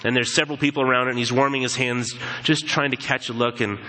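A man preaching a sermon, retelling a story in an animated way and acting out what people say. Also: mid-range voice, quick pace, big-room sound, low-quality recording. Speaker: pastor.

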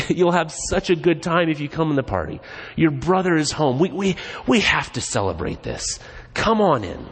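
A man's voice: fairly high pitch, very animated, normal speed, slightly rough, voice pushed up, heavily acted. A man acting as an emphatic father. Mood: pleading. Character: middle-aged father, demanding then pleading.

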